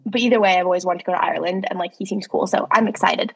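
A young woman in her twenties co-hosts a casual podcast chat in New York, chatty and giggly, telling stories packed with laughs and "like." Her fairly low voice is very fast, creaky, and breathy-edged, with fairly even intonation, heard in a large hall.

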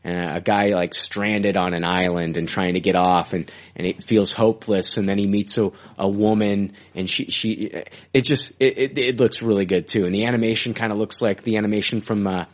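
A man's voice: lowish voice, steady tone, normal speed, hardly any pauses. A man co-hosting a casual podcast, gushing about films and often repeating and restarting his words. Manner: enthusiastic, stumbling, repeats words. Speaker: podcast co-host. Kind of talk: casual chat.

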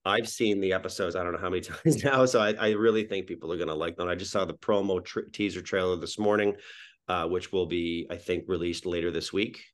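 A man from New Brunswick with a very deep, low voice talks as a podcast guest about his sitcom. He rambles along, restarting sentences and repeating words as he goes. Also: steady tone, a little fast. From Miramichi, New Brunswick, Canada. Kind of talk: casual podcast interview.

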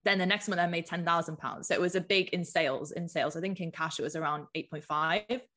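Her lowish, slightly bright voice moves fast as this UK business mentor chats as a guest on a podcast. She keeps it casual, filling her speech with lots of "like."

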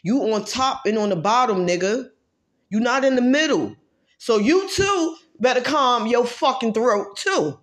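A woman vlogger in a heated, profane rant who drives her points home by repeating herself and swings between loud outbursts and low muttering. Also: very animated, measured pace. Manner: profane, emphatic, repeats phrases for force. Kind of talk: heated ranting monologue.

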